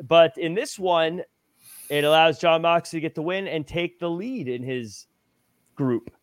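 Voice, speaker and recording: A man's voice: a little high, measured pace, no room sound. A man hosting a wrestling podcast, recapping matches and putting questions to his co-hosts in casual chat. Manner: leads discussion, recaps matches, asks questions. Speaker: podcast host.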